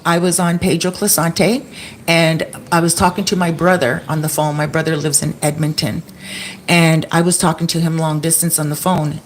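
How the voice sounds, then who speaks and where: A middle-aged woman vlogging to her viewers, retelling stories in a chatty, animated way and acting out what people said. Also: low voice, slight background noise. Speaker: expat vlogger. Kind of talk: casual storytelling to viewers.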